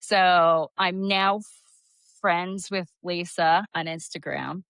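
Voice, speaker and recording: This podcast host is a woman with a fairly low pitch, talking in a loose, rambling storyteller way. Her voice is recorded dry, with no room sound around it. She strings her story together with lots of "like" and quick restarts. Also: fairly even intonation, fairly bright tone, clear, resonant tone, dry recording. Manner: chatty storyteller, full of "like" and restarts. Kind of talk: casual chat.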